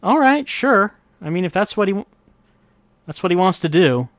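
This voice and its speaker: A man's voice: high-pitched, big pitch swings, moderate pace, no room sound. Wry man musing over a game. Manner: wry, musing, thinking aloud. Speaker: let's-play host. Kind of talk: casual gameplay commentary. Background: faint game music.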